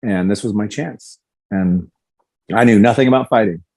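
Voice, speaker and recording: A man's voice: on the low side, normal speed, darkish tone. A man in his fifties, a guest in a podcast interview, telling his story candidly and animatedly, acting out quoted lines. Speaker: guest, former fighter.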